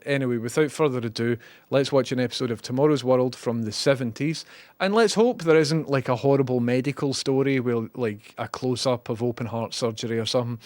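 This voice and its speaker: A man's voice: mid-range voice, darkish tone, no echo. A man hosting a live stream, chatting wryly and reading viewer messages. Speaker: livestream host. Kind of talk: casual live commentary.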